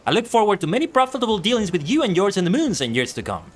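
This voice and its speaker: A man's voice: sits high, very animated, racing, voice pushed up. Man putting on a jovial old merchant. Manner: folksy, drops into dialect.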